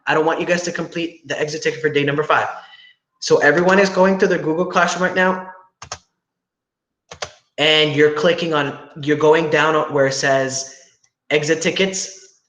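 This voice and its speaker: A man's voice: on the high side, steady tone, moderate pace, long pauses, a bit bright. A young man teaching a class over a video call, explaining step by step and often asking "right?" to check that students follow. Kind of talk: online class instruction. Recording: echoey room with faint noise.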